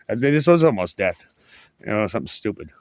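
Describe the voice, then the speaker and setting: A man's voice: fairly low pitch, sing-song, normal speed, darkish tone, dry recording. A man rambling through a casual story, restarting sentences and swearing freely. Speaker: vlogger.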